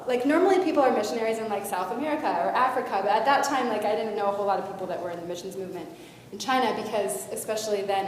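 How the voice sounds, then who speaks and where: A woman animatedly telling a personal faith story to a young audience as a guest speaker. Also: fairly high pitch. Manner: animated storytelling with lively shifts in loudness. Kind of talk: personal testimony to a youth audience. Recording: echoey hall, faint noise.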